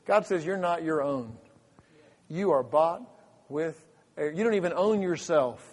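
A man's voice: fairly high pitch, lively intonation, unhurried, darkish tone. A man preaching a sermon as pastor in a church, fervent and full of repeated restarts. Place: church sanctuary. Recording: long hall reverb.

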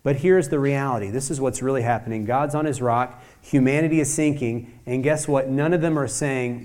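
A man's voice: steady tone, normal speed, hardly any pauses, darkish tone. A man preaching a sermon as a pastor, emphatic, with many rhetorical questions and acted-out quoted voices. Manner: acts out quoted voices, rising and dropping in pitch.

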